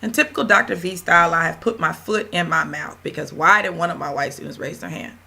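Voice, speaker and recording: Animated woman lecturer telling a story. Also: lowish voice, quick pace, gravelly. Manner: animated, conversational, emphatic storyteller. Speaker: professor.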